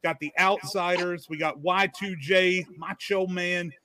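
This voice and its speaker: An upbeat man speaks emphatically on a casual group podcast. His voice is high and bright. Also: fairly even intonation, a little slow. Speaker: podcast co-host.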